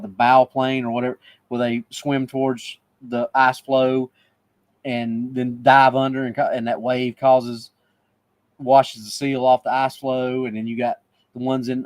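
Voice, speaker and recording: A man's voice: mid-range voice, darkish tone, no room sound. Rambling man co-hosting a podcast, dry sound. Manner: rambling, restarts sentences, easygoing. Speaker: podcast co-host. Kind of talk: casual chat.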